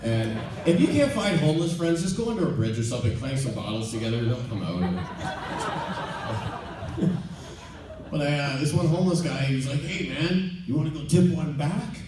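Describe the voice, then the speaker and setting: A man doing stand-up, telling a rambling, self-deprecating story with halting ums and restarts. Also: mid-range voice, very animated, darkish tone. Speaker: stand-up comedian. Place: theater stage before a live audience. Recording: echoey venue from far off.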